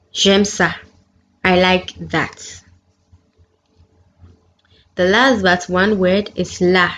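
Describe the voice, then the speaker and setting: Woman language teacher, slow deliberate delivery, muffled lo-fi recording with light hiss. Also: mid-range voice, fairly bright tone. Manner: clear, careful pronunciation of each example. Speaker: French teacher. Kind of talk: slow, deliberate lesson narration. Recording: dull lo-fi sound with faint background noise.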